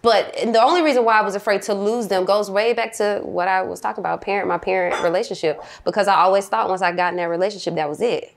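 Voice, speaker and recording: A woman's voice: mid-range voice, fast, creaky, hardly any pauses, a little hiss or hum. A woman in a casual group chat, speaking earnestly and stretching key words for emphasis.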